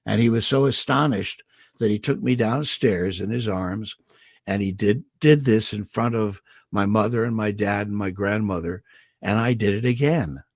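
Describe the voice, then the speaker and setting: An older man from Indiana, a guest voice actor telling animated stories about his life on a video call. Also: lowish voice, normal speed, dry recording, studio quality. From Indiana, USA. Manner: animated storyteller, slips into character voices for quotes. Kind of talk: anecdotal storytelling.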